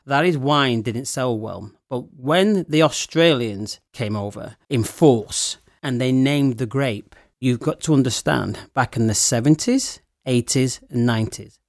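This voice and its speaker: A middle-aged man talks about his wine business in a lively, story-telling way, breaking into laughter often. His voice sits in a middle pitch and is recorded dry and close. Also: a little slow, no echo. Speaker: wine shop owner. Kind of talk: casual chat.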